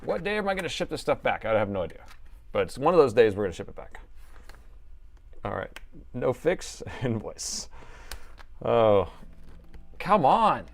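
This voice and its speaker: A man's voice: mid-range voice, very animated, moderate pace, gravelly, long pauses. A middle-aged man on a laptop repair live stream, rambling and joking while he works in his workshop. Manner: rambling and joking, thinks aloud, slips into an announcer voice.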